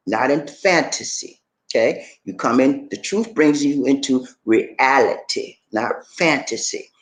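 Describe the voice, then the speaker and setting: A man giving animated, preachy commentary on a news story, playful and repetitive, with questions for his audience. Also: mid-range voice. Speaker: commentary channel host.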